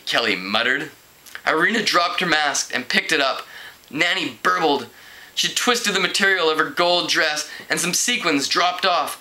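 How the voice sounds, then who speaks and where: A man's voice: a little high, lively intonation, measured pace, pushed and bright, low-quality recording. A man casually reading a book aloud, with small slips and restarts. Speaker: book reader.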